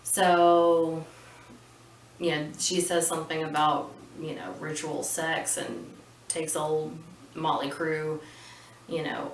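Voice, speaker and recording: Low-voiced woman rambling through a movie recap. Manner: chatty, rambling, with opinionated asides. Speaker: podcast host recapping a film. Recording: roomy and distant with faint noise.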